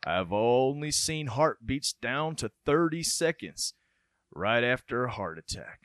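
A man voicing a small-town male doctor with a put-on Southern US accent, speaking slowly in an awed drawl. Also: mid-range voice, sing-song, a bit bright, dry recording, studio quality. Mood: amazed.

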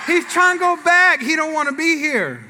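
A man's voice: very high-pitched, very animated, moderate pace, sharp tone, slight background noise. A man preaching a sermon in a church, telling a family story with acted-out dialogue and asides to the congregation. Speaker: pastor.

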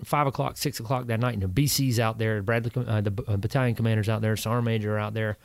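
With a lowish, fry-laden voice and a quick pace, a man who served in combat tells war stories casually on a podcast. He swears freely and voices the people he quotes with animated flair, and the indoor recording has no room sound.

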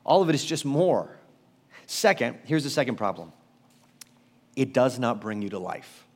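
A man preaching a sermon as pastor, emphatic and conversational, swinging from loud urgency to quiet low stretches. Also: very animated, normal speed. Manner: conversational, self-deprecating asides.

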